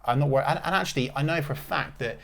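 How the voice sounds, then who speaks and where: A man's voice: a little high, rapid-fire, gravelly, fairly bright tone. A man hosting a casual football podcast, talking in emphatic, confident opinions with frequent restarts. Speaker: podcast host.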